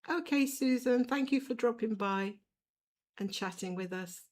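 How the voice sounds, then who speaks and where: A slightly high, somewhat mellow female voice speaks at a measured pace. It belongs to a middle-aged woman doing a cross-stitch livestream in a room at home, making blunt small talk as she stitches and coos over her cat.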